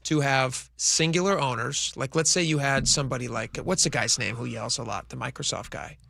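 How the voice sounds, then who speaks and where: A man's voice: medium pitch, a little fast, creaky, bright, forceful tone, dry recording, studio quality. A man co-hosting a radio talk show, chatting casually about sports and asking his co-host questions. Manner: conversational, asks co-host questions.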